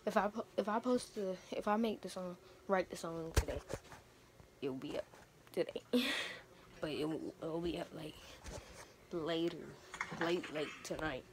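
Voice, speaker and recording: A woman's voice: on the low side, measured pace, long pauses, noisy background. A young woman, chatting casually to her viewers in a vlog, rambling and repeating herself. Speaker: vlogger. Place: camper.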